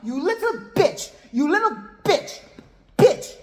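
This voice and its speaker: A woman's voice: very high voice, big pitch swings, slow, voice pushed up, exaggerated voice. A woman voicing a furious young mean-girl housemate who shrieks insults. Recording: echoey room.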